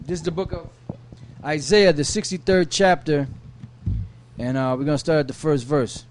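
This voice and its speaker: A man reading scripture aloud in a steady, measured way during a Bible study. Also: fairly high pitch, a little hiss or hum. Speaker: scripture reader.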